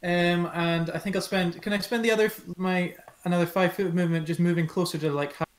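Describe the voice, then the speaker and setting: High-voiced man at a tabletop game. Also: fairly even intonation, fast talker. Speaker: player.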